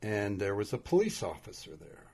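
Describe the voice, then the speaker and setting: A man's voice: fairly low pitch, moderate pace. A man co-hosting a podcast, telling a story in casual chat. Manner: builds stories with rising excitement. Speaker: podcast co-host.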